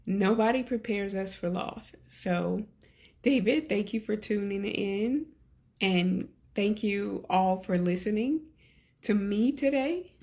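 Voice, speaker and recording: A woman hosting a podcast, talking earnestly to her listeners and gently coaching them in slow, deliberate phrases. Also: mid-range voice. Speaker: podcast host. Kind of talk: reflective solo podcast talk.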